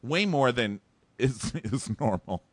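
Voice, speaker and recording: A man's voice: mid-range voice, takes it slowly, husky, no echo. A man in casual chat, recapping a TV show with lots of laughter and acted-out voices. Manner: animated, laughs often, acts out the people he describes.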